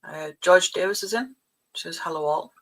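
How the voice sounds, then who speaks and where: A woman's voice: fairly low pitch, normal speed, a little hiss or hum, rough recording. A woman co-hosting a casual livestream who chats in a friendly, helpful way while she paints.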